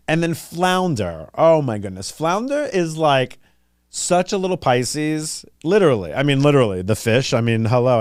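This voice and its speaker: A man hosting a podcast, rambling casually with lots of fillers and an animated delivery. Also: medium pitch, no room sound, studio quality. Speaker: podcast host. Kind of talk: casual chat.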